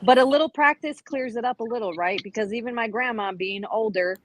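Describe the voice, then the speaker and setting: A woman's voice: fairly high pitch, brisk, poor audio. A woman from Brazil and Uruguay on a video call, talking bluntly and emphatically as a panelist in a casual chat.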